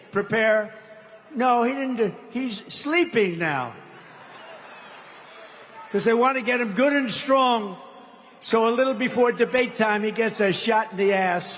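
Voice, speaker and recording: Older man, rally speech, high-pitched for a man, long reverb of a big hall, faint ambience, mocking and rambling. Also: a bit bright, a little hiss or hum. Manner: rambling, mocking, crowd-baiting with asides. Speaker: political candidate at a rally. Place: large rally hall with crowd.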